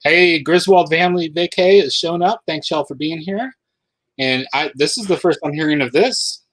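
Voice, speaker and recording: A man from South Dakota hosting a casual livestream chat, upbeat and quick to laugh. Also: on the high side, fairly bright tone, no room sound, poor audio. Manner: laughs often, chatty and upbeat. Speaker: host.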